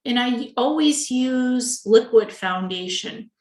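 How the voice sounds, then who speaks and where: A woman with a somewhat high voice talks casually in an interview, chatty and anecdotal, slipping into the quoted voices of relatives. The sound is roomy and echoey. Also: expressive, slow. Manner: chatty, tells family anecdotes with quoted dialogue. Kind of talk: casual video-call interview. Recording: echoey room.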